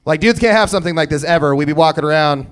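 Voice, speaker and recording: Guy in his 30s doing standup, kinda high voice, dry delivery then yelling bits. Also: racing, clear, resonant tone. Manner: deadpan storytelling with sudden loud bursts. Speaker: stand-up comedian. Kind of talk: stand-up comedy set. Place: comedy stage before a live audience.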